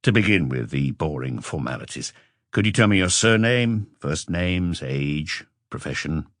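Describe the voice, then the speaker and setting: A man voicing a calm, courteous police inspector who asks measured, polite questions. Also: a bass voice, dry recording, studio quality.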